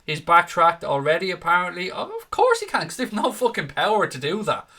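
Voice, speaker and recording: A man's voice: high-pitched, sing-song, a little fast, pushed and bright. A man hosting a casual fan chat show, reading viewer comments with sarcastic, sweary jokes.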